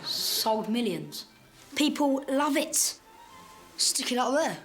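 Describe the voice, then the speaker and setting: A child actor playing a pushy male salesman who pitches crude puns in a sketch comedy. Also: very animated, slow, exaggerated voice. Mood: brash. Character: brash cheeky male ad salesman. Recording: music and laughter track under voice.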